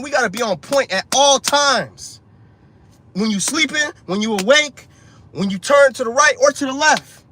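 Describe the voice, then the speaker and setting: A man's voice: extremely high pitch, sharp tone, a little hiss or hum. A man preaching an informal street sermon, urgent and profane, ending lines with "man" and "bro".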